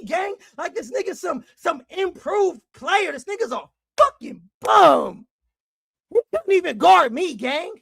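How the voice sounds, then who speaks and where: A man hosting a basketball fan show, ranting angrily with heavy profanity and frequent shouting. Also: extremely high pitch, gravelly, dry recording, studio quality. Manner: angry, profane, often shouting. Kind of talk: heated fan rant.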